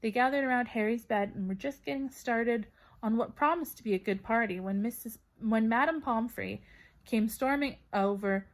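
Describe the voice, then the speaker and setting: Expressive woman reading a storybook. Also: on the high side, moderate pace. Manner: expressive, voices characters. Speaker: audiobook reader. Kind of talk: storybook narration.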